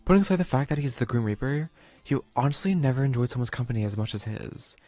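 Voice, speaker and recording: A man's voice: medium pitch, lively intonation, fast talker, mellow, faint music behind. Rambling, playful male game streamer. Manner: rambling and playful, with many fillers like "like". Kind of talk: casual play-through commentary, reading game text aloud.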